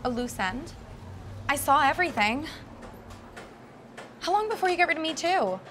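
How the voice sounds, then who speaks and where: A young woman playing an impulsive, excitable young woman who becomes a hitman's partner, talking in rambling, needling bursts. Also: high voice, moderate pace, slight background noise. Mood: accusing, heated. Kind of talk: web series drama acting.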